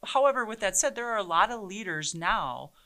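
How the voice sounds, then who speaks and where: A woman in her forties, a police chief, telling stories in a passionate, animated way during an interview. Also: mid-range voice, a little fast. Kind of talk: conversational interview.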